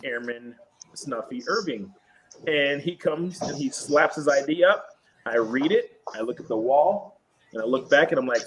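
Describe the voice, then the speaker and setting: A young man hosting a casual veterans' chat, telling stories from basic training and shouting out the drill instructors' lines. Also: mid-range voice, moderate pace, a little hiss or hum. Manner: animated, acts out yelling drill instructors. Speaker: podcast host. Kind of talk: casual storytelling among veterans.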